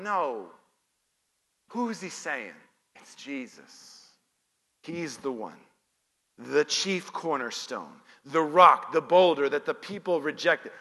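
A pastor delivers a sermon in a high, bright voice, taking his time over each phrase. He preaches emphatically, posing questions and answering them himself. His voice rings out with the long reverb of a big church hall. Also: big pitch swings, slow.

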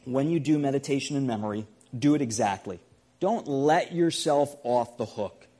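A man's voice: mid-range voice, normal speed, dark tone. A pastor giving a sermon, earnest and emphatic, often repeating his key phrases.

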